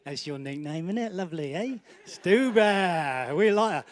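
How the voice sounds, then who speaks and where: A man's voice: fairly high pitch, expressive, a little fast. A man hosting an awards night, doing joking live banter as he walks between the banquet tables and teases guests by name. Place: large indoor banquet hall.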